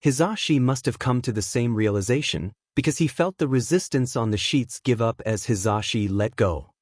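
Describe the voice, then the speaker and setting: Male narrator, mid-pitched, dead-dry close recording, steady storybook read. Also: normal speed, no room sound. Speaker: fanfiction reader. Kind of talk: scripted narration.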